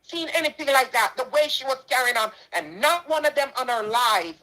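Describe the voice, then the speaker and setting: A woman's voice: sits high, animated, normal speed, pushed and bright, low-quality recording. A middle-aged Jamaican woman making an impassioned personal statement, indignant and emphatic, repeating her points. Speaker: charity donor responding to a dispute.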